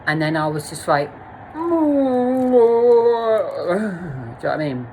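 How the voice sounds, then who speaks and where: A woman's voice: fairly high pitch, big pitch swings, slow pace, dark tone, a little hiss or hum, rough recording. A woman telling a blunt, sweary, self-mocking story to camera as a vlogger. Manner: blunt, sweary, laughs at herself. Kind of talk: candid storytime monologue.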